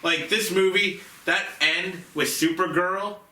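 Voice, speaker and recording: A man co-hosts a movie podcast, chatting casually about films in a rambling manner full of fillers and frequent restarts. His voice is high-pitched, bright, and forceful, with fairly even intonation and an unhurried pace. The room is echoey and the mic sits at a distance.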